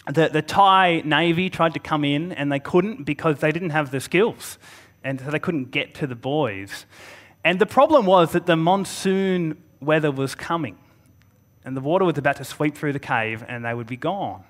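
Man preaching, earnest, bit higher voice, stops and restarts sometimes. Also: fairly bright tone. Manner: earnest, with emphatic pauses and occasional restarts. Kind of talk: Good Friday sermon.

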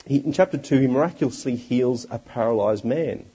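A man preaching a sermon, expressive and full of rhetorical questions. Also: mid-range voice, brisk, breathy edge, low-quality recording.

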